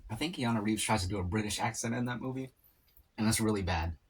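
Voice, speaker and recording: A man in a casual solo eating vlog, rambling and musing aloud with pauses as he chats about movies. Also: fairly low pitch, a little hiss or hum. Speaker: mukbang vlogger. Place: home, at a table eating.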